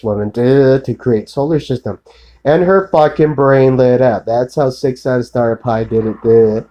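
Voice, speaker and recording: A man's voice: fairly low pitch, warm tone, highs cut off. A man in a rambling solo monologue, ranting profanely and accusingly, repeating filler tags and addressing an unseen woman.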